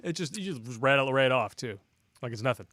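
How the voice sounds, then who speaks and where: A man's voice: medium pitch, lively intonation, fairly quick, a bit bright, a little hiss or hum. A man hosting a casual livestream podcast, reading donor messages aloud and joking with his co-hosts. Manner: jokey, laughs often. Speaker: podcast host reading super chats.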